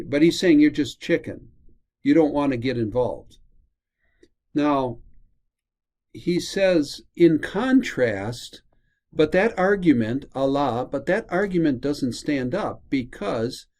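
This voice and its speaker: A man's voice: medium pitch, animated, darkish tone. A man teaching a recorded lesson, walking through a passage and checking in with his students as he goes. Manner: explanatory, checks in with "right?" and "okay?"; slows down to sound out terms.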